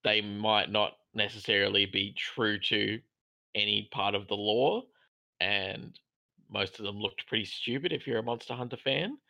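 Male guest, low gravelly voice, halting with fillers, forceful tone. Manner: hesitant, many fillers. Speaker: podcast guest. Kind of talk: casual podcast chat. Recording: dull lo-fi mic.

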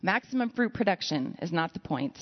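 A woman's voice: fairly low pitch, expressive, brisk. A woman preaching a conversational sermon, telling stories with self-deprecating asides. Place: church sanctuary. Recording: lo-fi sound in a reverberant hall.

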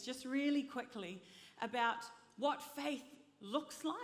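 Lady preacher, high voice, fired up, big echoey hall sound. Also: a bit bright. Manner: impassioned, urges the congregation to repeat after her. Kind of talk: sermon. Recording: long reverb of a large hall.

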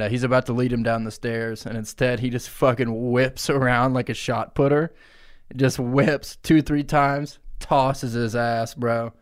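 A man's voice: medium pitch, smooth. Man telling a crude comic tale. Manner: crude, laughing, riffing on a tall tale. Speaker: podcast co-host. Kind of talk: improvised comic storytelling.

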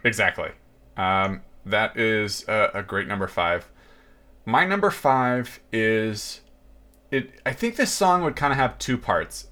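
A man co-hosting a podcast, talking in a relaxed, hesitant way. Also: on the low side, slow pace. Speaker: podcast co-host. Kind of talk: casual chat.

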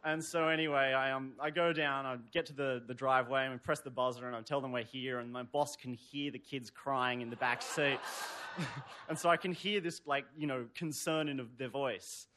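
A man's voice: medium pitch, fairly even intonation, moderate pace, sharp tone, a little hiss or hum. A man telling a story live on stage, rambling with lots of "sort of" fillers and wry humor. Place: stage before a live audience.

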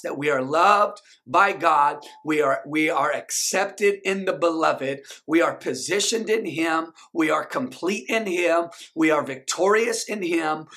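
A man's voice: fairly high pitch, fairly bright tone. A male pastor, preaching a sermon and leading the congregation in call-and-response.

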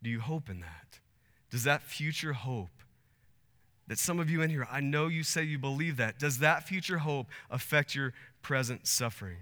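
A man's voice: medium pitch, lively intonation, normal speed, pushed and bright. A man in his thirties preaching a sermon as pastor, earnest and building to emphatic peaks. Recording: long hall reverb.

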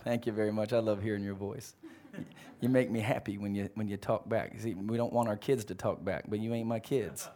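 A man preaching a sermon as pastor, animated, who keeps throwing questions out to his congregation. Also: lowish voice, a little fast.

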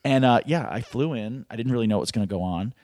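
A middle-aged man telling stories in casual conversation as a guest, animated and self-deprecating, acting out the voices of people in his stories. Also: medium pitch, fast talker, a little hiss or hum. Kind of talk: casual storytelling.

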